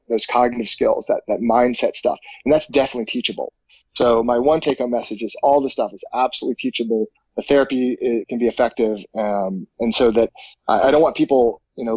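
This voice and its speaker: Husky-voiced man explaining with many restarts. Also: medium pitch, darkish tone, no room sound, dull audio. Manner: thoughtful, many fillers and restarts. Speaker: psychology professor and firefighter guest. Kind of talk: casual podcast interview answers.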